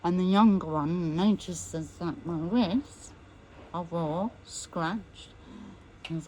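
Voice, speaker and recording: A woman's voice: fairly low pitch, darkish tone, a little hiss or hum, poor audio. A woman recounting a personal ordeal as an interviewee, acting out what others said to her. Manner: slow recounting that acts out quoted speech. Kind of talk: personal storytelling.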